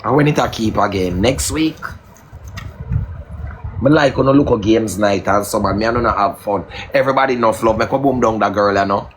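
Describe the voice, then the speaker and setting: A man hosting a casual live stream, teasing his guest in patois and shouting out viewers. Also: lowish voice, fairly quick, slight background noise. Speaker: livestream host.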